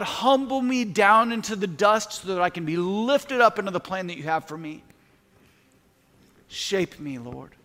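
A man's voice: sits high, fairly bright tone. A middle-aged man preaching a sermon as a pastor, earnest and building to emphatic peaks, praying aloud between points. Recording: long hall reverb.

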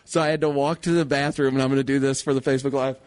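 Animated storytelling man on radio. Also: mid-range voice, very fast. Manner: animated, acts out voices in his stories. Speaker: radio show co-host. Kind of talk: casual storytelling chat.

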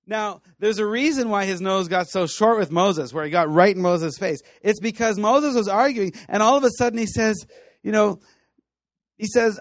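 Animated high-voiced male Bible teacher. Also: normal speed, no echo, studio quality. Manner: animated storytelling, acting out voices with laughs. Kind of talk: lively teaching talk to students.

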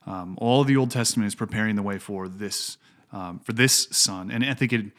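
A middle-aged preacher with a fairly low, somewhat bright voice talks through a Bible passage at a moderate pace. It's a casual discussion of his sermon, and he thinks aloud with plenty of fillers and restarts.

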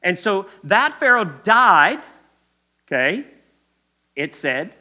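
A male pastor from Kentucky preaches in his Kentucky accent, his voice bright and sharp. He leans on repetition and speaks straight to the congregation in a church. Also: high voice, sing-song, slow pace. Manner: emphatic, repetitive, addresses the congregation directly. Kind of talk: sermon.

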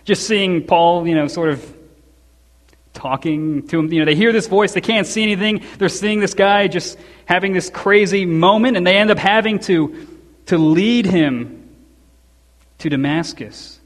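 A man preaching an expository sermon in a church, telling the story conversationally with quick asides and chuckles. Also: high voice, long reverb tail.

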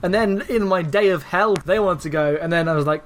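A man with an English accent co-hosting a podcast, chatty and jokey with quick asides. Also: high-pitched, a little hiss or hum. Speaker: podcast co-host. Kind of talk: casual podcast chat.

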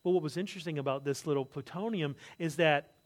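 A man preaching a sermon, telling stories with lively asides and jokes, acting out other people's words. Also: a little high, quick pace. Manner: animated storytelling, acts out quotes, asides and jokes. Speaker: pastor.

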